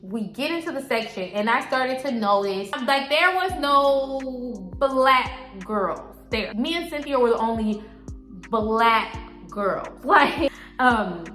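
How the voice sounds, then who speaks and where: A woman vlogger telling a story casually, animated and swearing freely. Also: a little high, unhurried. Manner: animated, swears freely, acts out others' lines. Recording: echoey room with faint music.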